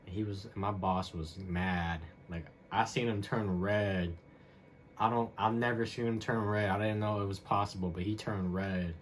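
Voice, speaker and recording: Young guy, kinda low voice, rambling solo podcast story, lots of like and you know, slangy and loose. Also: fairly even intonation, moderate pace, slight background noise. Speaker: podcast host. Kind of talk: casual solo storytelling monologue.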